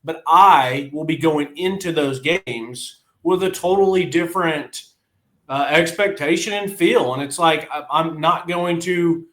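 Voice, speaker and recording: A man's voice: on the high side, a little slow, fairly bright tone, reverberant. A man co-hosting a podcast in casual sports chat, blunt and frustrated, laughing often. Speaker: podcast co-host.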